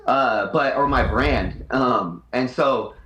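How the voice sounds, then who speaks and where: A man's voice: mid-range voice, slow pace, bright, forceful tone. Aggrieved man in an echoey room. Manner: aggrieved, explains at length. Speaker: podcast guest, fighter. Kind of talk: casual interview talk.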